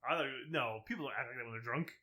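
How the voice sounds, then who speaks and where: Bright-voiced man chatting with dry asides. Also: mid-range voice, very fast. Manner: laughs often, dry asides. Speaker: podcast co-host. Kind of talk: casual podcast chat.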